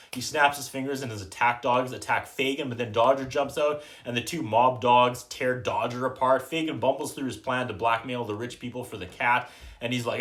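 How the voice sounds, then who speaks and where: A man hosting a podcast, recapping a movie in a casual, sarcastic way, often trailing off softly at the end of a thought. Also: mid-range voice, animated. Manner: dry, joking, quotes characters in quick put-on voices. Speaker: podcast host reviewing a movie.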